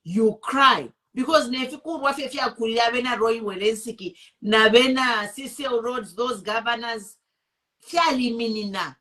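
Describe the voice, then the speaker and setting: A woman's voice: on the high side, a little slow, sharp tone. A woman with a Zambian accent, hosting an online show and giving impassioned political commentary, indignant and switching between English and Bemba.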